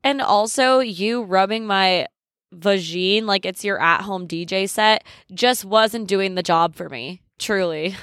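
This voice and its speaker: A woman's voice: medium pitch, slow pace, a bit bright, dry recording, studio quality. A young woman hosting a podcast in a candid, casual chat, laughing often and swearing freely. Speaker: podcast host.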